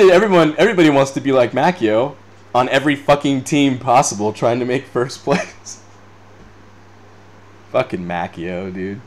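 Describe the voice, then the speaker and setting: A man in his twenties hosts an unscripted podcast and reacts to chat comments as he goes. His voice sits at an ordinary middle pitch. He rambles, swears freely and breaks into laughter often. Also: animated, unhurried. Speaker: podcast host. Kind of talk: unscripted casual chat reading live comments.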